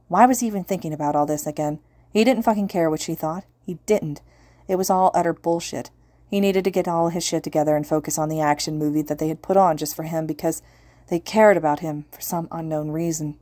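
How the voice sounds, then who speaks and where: A woman narrating a story in a steady audiobook style. Her voice is low and mellow. The recording is close and dry. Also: fairly quick, dry recording. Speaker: podfic reader.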